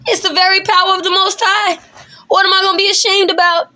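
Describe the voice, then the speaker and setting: A woman teaches the Bible in an emphatic, preacherly style, speaking quickly in a high, bright, forceful voice with a level tone. She keeps it colloquial and often laughs between points.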